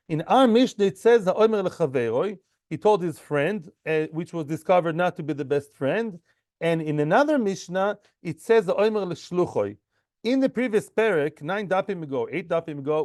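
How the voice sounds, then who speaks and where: A man teaching a Talmud lesson in English, lively and acting out the people in the case, with Hebrew and Aramaic terms mixed in. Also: high-pitched, no echo, studio quality. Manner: animated, acts out the characters in the case. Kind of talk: Talmud lecture.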